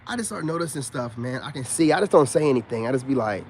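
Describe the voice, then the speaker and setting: A man's voice: medium pitch, expressive, fast, hardly any pauses, darkish tone, a little hiss or hum. A man, casually livestreaming to viewers and teasing them with a drawling manner. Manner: drawling, teasing, repeats "you know what I'm saying". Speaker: self-styled spiritual coach livestreaming to viewers. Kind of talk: casual livestream talk to chat.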